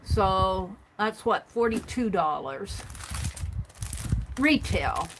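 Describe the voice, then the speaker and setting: A woman vlogger casually chatting through her craft supply haul and tallying up prices out loud as she thinks. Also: mid-range voice, expressive, extremely slow, noisy background.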